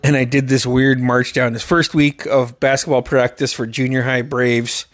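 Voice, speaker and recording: A young man telling his dream stories in a casual monologue, swearing constantly and acting out the voices and yells. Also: mid-range voice, normal speed, no echo, studio quality. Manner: profane, animated, acts out quotes with loud yelps. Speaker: storyteller.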